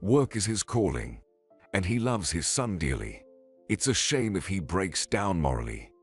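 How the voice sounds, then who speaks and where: A man's voice: deep voice, sing-song, a little slow, slightly rough, soft background music, heavily acted. A man reading the lines of an earnest, protective woman who pleads and scolds. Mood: pleading.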